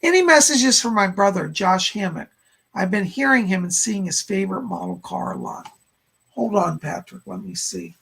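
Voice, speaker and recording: Male psychic medium host, gravelly, husky, relays messages with constant "she said" asides. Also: high voice, wildly swooping pitch, moderate pace, fairly bright tone. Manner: relays spirit messages, frequent "he said" and "hold on". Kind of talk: live-stream psychic readings of chat questions.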